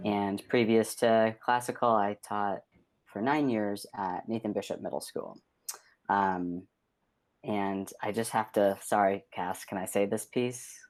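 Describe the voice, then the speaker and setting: A man's voice: lowish voice, steady tone, unhurried. A man, an art teacher, speaking as a podcast guest over a video call, chatty and enthusiastic. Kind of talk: casual podcast conversation.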